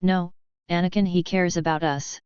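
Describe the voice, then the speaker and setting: A woman's voice: fairly low pitch, flat delivery, moderate pace, a little mellow, clean tone, no echo, natural voice. Casting: heartbroken, pleading young wife, read by a woman, dry, dull sound. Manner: pleading, tearful.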